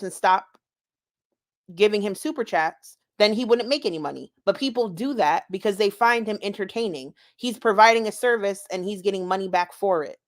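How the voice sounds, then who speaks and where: A woman with a mid-range voice speaks on a live commentary panel. She talks quickly, laying out her reasoning point by point. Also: mid-range voice, a bit bright. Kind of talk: casual commentary chat.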